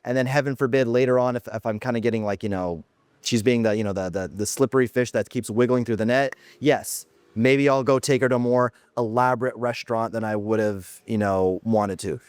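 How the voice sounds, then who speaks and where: This is a man vlogging from his home office, talking bluntly and brashly with plenty of casual filler. His voice is smooth and clear, and the recording is close and dry with no room sound. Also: medium pitch, dry recording. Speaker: dating coach vlogger. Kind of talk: casual monologue.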